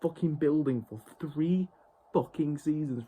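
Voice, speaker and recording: A man's voice: medium pitch, normal speed, warm tone, breathy edge. A man reviewing a TV show in an exasperated, profane rant. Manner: exasperated, heavily profane ranting. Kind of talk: ranting review vlog.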